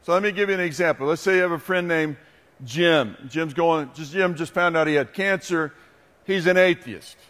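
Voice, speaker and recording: A man preaching a sermon as pastor, telling a story with passion and building to loud, emphatic peaks. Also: fairly high pitch, moderate pace. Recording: long hall reverb.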